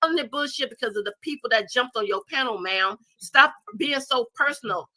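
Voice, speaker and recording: A woman's voice: fairly high pitch, lively intonation, a little fast, bright, forceful tone. A woman hosting her channel, reacting bluntly to a clip in casual commentary and swearing freely. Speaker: channel host.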